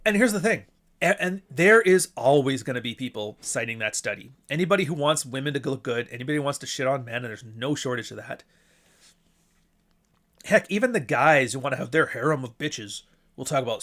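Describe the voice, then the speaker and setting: Man, livestream host, mid pitch, blunt swearing rant, casual delivery. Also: animated, a little fast, a bit bright. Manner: profane, blunt, ranting. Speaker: podcast host.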